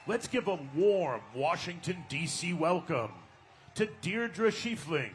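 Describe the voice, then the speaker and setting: A man's voice: fairly high pitch, fairly bright tone, slight background noise. A man emceeing a rally, formally introducing the next speakers. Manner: announcing, formal. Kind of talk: stage introduction.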